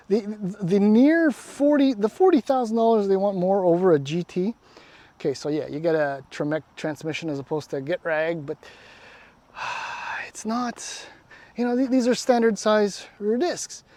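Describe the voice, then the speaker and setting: A man's voice: high voice, darkish tone, no room sound. A man, casually walking around and reviewing a car outdoors, rambling and wry, often trailing off. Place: outdoors beside a parked car.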